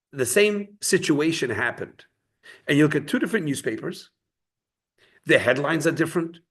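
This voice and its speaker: Man, mid-pitch, casual Torah teacher, talks things through with stories and asides. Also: slightly rough. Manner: conversational, storytelling with quoted voices. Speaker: rabbi teaching a Torah class. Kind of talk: informal Torah class with stories.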